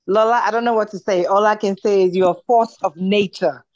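A woman's voice: mid-range voice, steady tone, a little fast, darkish tone, dry recording, dull audio. A woman calling in to a video call podcast, speaking fervently like a preacher giving blessings. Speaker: caller, friend. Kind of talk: casual chat on a video call.

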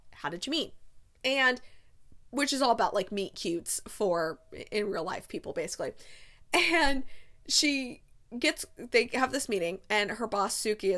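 A woman in her thirties recapping a movie in a chatty, casual way. She fills her speech with filler words and slips into quick quoted lines. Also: mid-range voice, fairly bright tone. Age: 30s. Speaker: movie reviewer.

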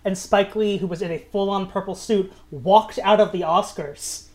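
A man hosting a laid-back film podcast, reading out award nominees in a wry, deadpan way. He tells stories and adds little jokes as he goes. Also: high voice, moderate pace. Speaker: podcast host. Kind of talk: casual film podcast chat.

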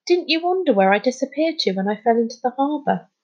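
Very high-pitched yet darkish, this expressive voice sounds male, with its highs cut off and its pitch pushed up. A woman performs it in a storybook reading as an earnest schoolboy becoming dolphin-like, confessing something odd in a hesitant, halting, pleading way and tripping over his words.

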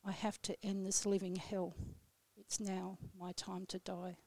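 A woman guest on a radio show reading her own poem aloud in a slow, solemn, measured way. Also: medium pitch, level tone, darkish tone, dry recording. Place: radio studio.

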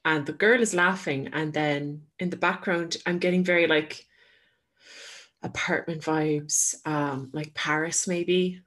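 A woman's voice: low-pitched, fairly even intonation, a little slow, fairly bright tone. A woman co-hosting a casual podcast, making up a story as she goes with lots of fillers. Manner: rambling, filler-heavy storytelling. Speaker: podcast co-host.

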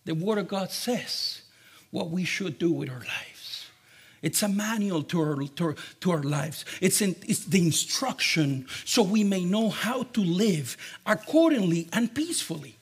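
A man preacher giving an animated children's sermon, repeating himself and talking directly to the kids. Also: high voice, measured pace, slightly rough.

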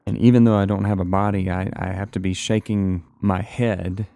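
A man telling a personal story of a frightening vision, halting and repeating words as he goes. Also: deep voice, flat delivery, dark tone.

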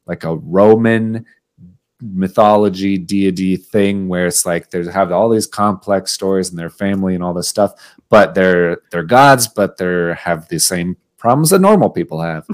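A man's voice: low-pitched, moderate pace. A man co-hosting a casual movie podcast, rambling through his points with many fillers. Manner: rambling, laughing, hedging. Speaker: podcast co-host.

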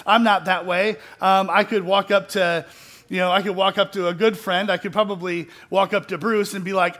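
High-voiced man preaching conversationally. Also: fairly even intonation, normal speed, fairly bright tone. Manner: conversational, self-deprecating, with restarts and light laughs; builds to earnest emphasis. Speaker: pastor. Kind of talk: sermon.

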